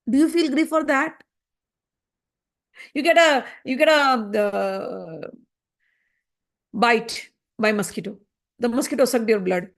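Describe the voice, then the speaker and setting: A woman explaining a spiritual text, pressing her listener with repeated rhetorical questions. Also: on the high side. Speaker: scripture teacher. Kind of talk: spoken commentary on a spiritual text.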